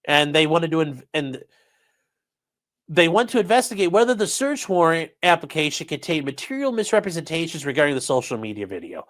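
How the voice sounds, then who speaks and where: A man's voice: fairly high pitch, a little fast. A man giving casual, sarcastic legal commentary on a livestream, talking straight to his chat. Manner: casual, sarcastic, lively asides.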